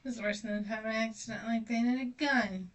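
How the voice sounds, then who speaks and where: A woman's voice: fairly high pitch, steady tone, a little fast, soft background music. A young woman streamer chatting casually while she paints, rambling, self-deprecating and swearing freely. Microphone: distant mic. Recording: voice distant from the mic.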